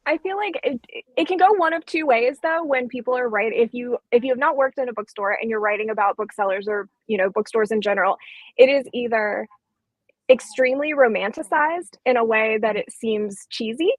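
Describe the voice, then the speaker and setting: A woman's voice: on the high side, brisk, dry recording, poor audio. A woman bookseller in a casual live-streamed chat, talking in a chatty, enthusiastic way with lots of fillers. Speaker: bookseller co-host.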